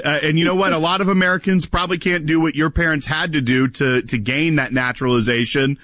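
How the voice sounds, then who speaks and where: A man's voice: on the high side, fairly even intonation, fast, hardly any pauses, bright, forceful tone, no echo. A man hosting a call-in radio talk show, chatting energetically with callers.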